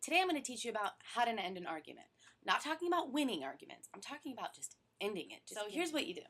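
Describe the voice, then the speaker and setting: Woman therapist coaching with soft drops. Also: on the high side, racing, husky. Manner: animated, drops to soft near-whispers to demonstrate. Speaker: stress therapist. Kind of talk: instructional talk to camera.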